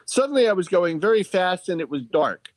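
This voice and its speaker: A man telling the tale as a sweet, earnest family dog, childlike and a bit worried, his voice rising and falling in a lively, sing-song way, recorded close and dry with no room sound. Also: high-pitched, a little fast, no room sound, voice pushed up. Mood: wistful. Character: gentle male pet dog narrating a Christmas tale. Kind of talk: storytelling narration.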